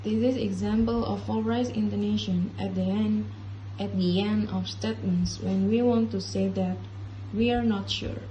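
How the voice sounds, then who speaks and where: A young woman reads a class presentation at a mid pitch, careful and steady as she works through example sentences. A faint hiss sits under her voice. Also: normal speed, low-quality recording. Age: young adult. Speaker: student presenter.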